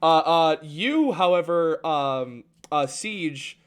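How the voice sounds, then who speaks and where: Slow, halting game master man. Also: fairly high pitch, expressive, fairly bright tone, clear, resonant tone. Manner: halting, many fillers and restarts. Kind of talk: narrating a tabletop game.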